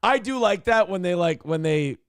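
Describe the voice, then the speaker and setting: A man's voice: high-pitched, animated, normal speed, clean tone, no echo, studio quality. A man hosting a casual livestream morning talk show, rambling, profane and opinionated as he reads out donations and riffs.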